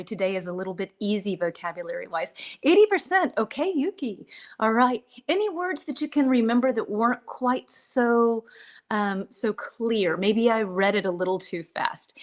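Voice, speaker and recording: Chatty woman teacher, slightly hoarse. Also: mid-range voice. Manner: chatty, clears throat and apologizes often. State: slightly hoarse, drinking mint tea for her voice. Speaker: English teacher. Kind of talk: live-streamed English lesson. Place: home, dishes washing behind her.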